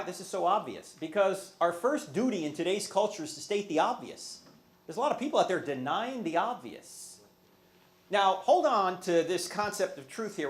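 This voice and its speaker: A man with a fairly high voice speaks as a guest lecturer before a live audience. He mixes jokes into his points and keeps asking the crowd whether they follow him. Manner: humorous, asks the audience questions.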